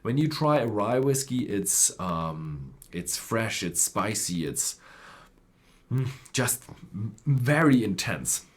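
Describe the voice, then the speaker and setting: A man's voice: on the low side, sing-song, takes it slowly, husky. A man explaining whisky types in loose, rambling talk, full of fillers and self-corrections. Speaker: whisky presenter. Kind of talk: unscripted explainer.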